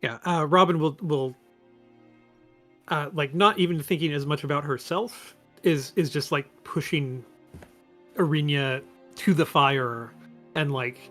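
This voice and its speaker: A man playing a tabletop game over a call, talking in a somewhat high voice. He hesitates often and restarts as he describes his character, with faint music behind. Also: measured pace, fairly bright tone. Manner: hesitant, with many fillers and restarts. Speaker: player.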